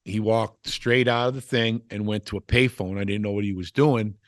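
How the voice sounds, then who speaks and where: A man's voice: fairly low pitch, fairly even intonation, normal speed, no room sound, studio quality. Rambling older man telling old stories. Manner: rambling, with many restarts and "you know" asides. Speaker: interview guest, former wrestler. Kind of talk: casual storytelling chat.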